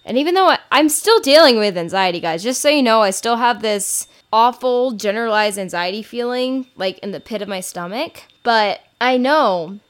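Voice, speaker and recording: Young woman, fairly high voice, solo podcast host, candid and chatty, casual swearing. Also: lively intonation, moderate pace, few pauses. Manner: candid, swears casually, breaks into silly singing.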